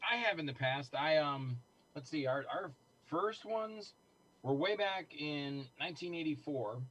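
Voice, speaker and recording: Animated middle-aged man telling stories. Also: fairly high pitch, measured pace, highs cut off. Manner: animated, acts out quoted voices. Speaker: guest filmmaker. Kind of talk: casual storytelling.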